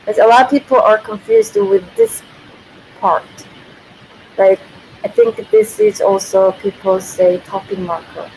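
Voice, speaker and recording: A woman's voice: mid-range voice, very animated, unhurried, gravelly, a little mellow, a little hiss or hum, rough recording. A woman, a native Korean speaker, giving a casual livestream language lesson who thinks aloud, corrects herself and laughs often.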